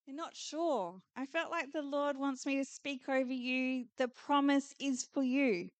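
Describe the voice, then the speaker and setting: Earnest higher-voiced woman preaching. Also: unhurried, few pauses, no echo. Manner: earnest, repetitive declarations. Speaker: conference speaker. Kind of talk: prophetic preaching.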